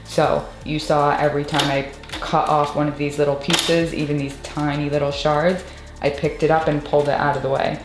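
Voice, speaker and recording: A woman demonstrating a stained glass tool in a casual tutorial vlog, explaining as she works and often gushing with excitement. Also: sits low, normal speed, noisy background. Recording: echoey room with faint music.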